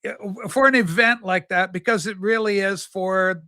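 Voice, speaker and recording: A man's voice: high voice, fairly even intonation, normal speed, pushed and bright, dry recording, clean studio sound. A man hosting a livestream in a campy, rambling chat, telling stories in a flamboyant persona. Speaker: livestream host. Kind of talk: casual chat.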